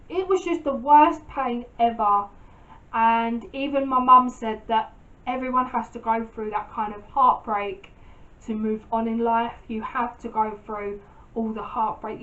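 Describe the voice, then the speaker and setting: Woman in her twenties, blunt and animated storyteller; high-pitched, dull lo-fi sound. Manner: animated, blunt, re-enacting quoted arguments. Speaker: vlogger. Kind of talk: emotional storytime narration.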